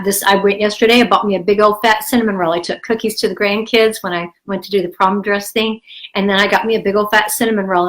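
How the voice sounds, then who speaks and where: A woman's voice: mid-range voice, fairly bright tone, poor audio. An older woman with a cold, talking candidly and encouragingly in a rambling, casual way as a health vlogger. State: has a cold, coughing. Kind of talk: casual talk to camera.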